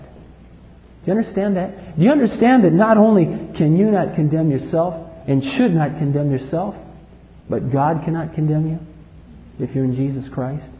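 A man preaching a sermon, emphatic, swinging from loud outbursts to low quiet lines. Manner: emphatic, rises to loud acted outbursts then drops low. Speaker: pastor. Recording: echoey hall, dull lo-fi sound.

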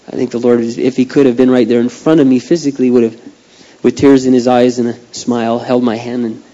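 A middle-aged man preaching a heartfelt sermon, dropping to a hush and then rising to loud pleading. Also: medium pitch, level tone, a little fast. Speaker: pastor. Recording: dull lo-fi sound.

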